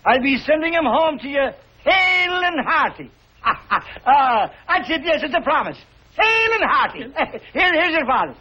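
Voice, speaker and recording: An actor playing a lonely, warm-hearted older Irish tailor, with a husky voice and a lilting Irish brogue. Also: male voice, very high voice, lively intonation, moderate pace. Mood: jubilant. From Ireland. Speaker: visiting cousin, a tailor. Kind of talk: 1950s TV sitcom acting. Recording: dull lo-fi 1950s TV audio.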